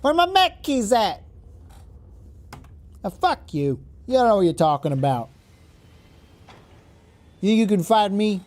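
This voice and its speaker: A man voicing a brash, mock-Brooklyn tough guy with a loud, blustering, over-the-top put-on accent. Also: high-pitched, very animated, unhurried, pauses often, voice pushed up. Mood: taunting.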